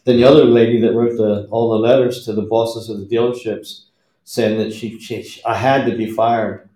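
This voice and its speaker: A man with a warm, lowish voice and fairly even intonation speaks at a normal speed, telling plainspoken stories about his working years. It's casual podcast chat, recorded with roomy echo, and he quotes dialogue as he tells them.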